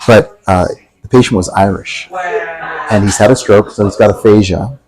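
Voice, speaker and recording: A man's voice: on the low side, normal speed, crowd noise, poor audio. A man being interviewed in a café, talking earnestly about his work as a musician bringing music care to patients. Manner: earnest, explanatory, storytelling. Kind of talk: casual conversational interview.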